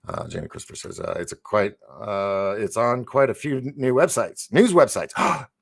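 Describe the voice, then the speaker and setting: A man's voice: lowish voice, normal speed, vocal fry, no echo, clean studio sound. A man hosting a casual livestream, reading viewer comments aloud and rambling, often trailing off and restarting. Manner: laughs and gasps between remarks. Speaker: livestream host.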